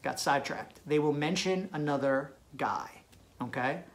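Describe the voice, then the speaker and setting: A man's voice: on the high side, expressive, normal speed. A man giving dating advice straight to camera, talking in an emphatic, punchy way and checking in with "right?". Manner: emphatic, punchy, tag questions. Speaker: dating coach. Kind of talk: direct-to-camera advice video.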